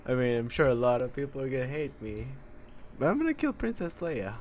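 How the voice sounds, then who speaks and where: A man's voice: mid-range voice, big pitch swings, fairly quick, darkish tone, slight background noise. A man co-hosting a casual podcast chat, joking loosely and laughing often. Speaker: podcast co-host.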